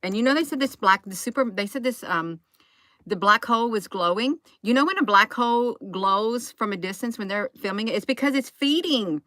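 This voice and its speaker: A woman's voice: a little high, lively intonation, moderate pace, fairly bright tone, dry recording, studio quality. A woman vlogging into her phone, thinking aloud in a casual, rambling way and often restarting her sentences.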